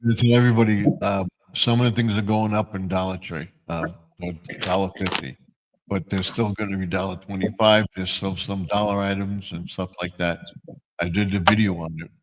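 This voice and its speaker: A man chatting casually on a livestream, halting and full of fillers as he makes announcements. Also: sits low, fairly even intonation, background noise. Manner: halting, filler-heavy, short agreeing replies. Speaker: livestream co-host. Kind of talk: casual chat.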